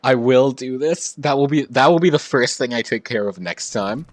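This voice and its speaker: A man streaming a video game live, thinking aloud, shifting between low mutters and frustrated outbursts. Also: animated, normal speed. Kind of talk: casual live gameplay commentary.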